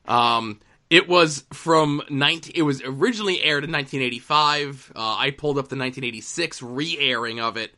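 A man's voice: medium pitch, fairly quick, bright, forceful tone. A man co-hosting a casual chat, wry and skeptical in a dry way. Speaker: podcast co-host.

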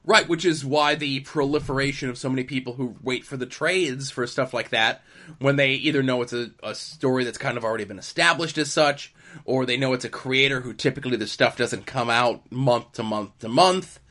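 A man's voice: mid-range voice, brisk, bright, forceful tone. A young man co-hosting a casual comics podcast, chatting wryly and running through news. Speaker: podcast co-host. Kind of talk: casual chat.

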